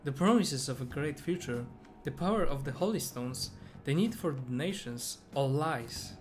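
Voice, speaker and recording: A man's voice: a little high, lively intonation, normal speed, close to an everyday voice. Brief: remorseful young female fortune teller from a game, sincere and pleading, read by a man in his own voice, music behind. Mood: earnest. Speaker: gamer reading game dialogue aloud. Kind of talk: reading game dialogue aloud.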